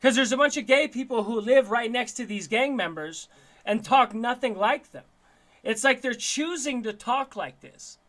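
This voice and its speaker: With a very high, expressive and fairly bright voice, this Denver, Colorado man hosts a live stream over a video call at a moderate pace. He talks casually in slang, frequently repeating himself and starting words over.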